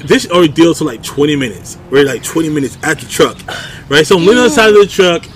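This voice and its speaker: A man telling a rambling, profane story in a casual chat, acting out quotes in a loud, high voice. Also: animated, quick pace. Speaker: podcast co-host telling a story.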